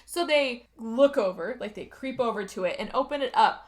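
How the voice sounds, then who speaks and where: A woman's voice: a little high, animated, moderate pace. A woman co-hosting a podcast, animatedly retelling a movie plot and acting out the characters' lines. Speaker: podcast co-host recapping a movie. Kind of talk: casual chat.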